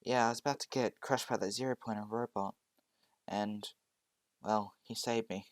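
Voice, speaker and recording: A shy, grateful teenage girl, as a male narrator puts her on, stumbling hesitantly over her words. The voice stays low, close to the reader's own in a homemade fan story. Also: steady tone, moderate pace, dry recording, lightly acted.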